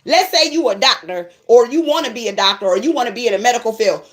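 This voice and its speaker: A woman's voice: high-pitched, lively intonation, fairly quick, fairly bright tone. A woman tarot reader ranting casually to her viewers, blunt and profane as she scolds them.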